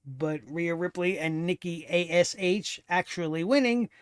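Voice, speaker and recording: A man hosts a wrestling review show, giving casual commentary in a sarcastic, exasperated tone and swearing freely. His voice is fairly high and a little slow, with a clean tone and clean studio sound, free of echo.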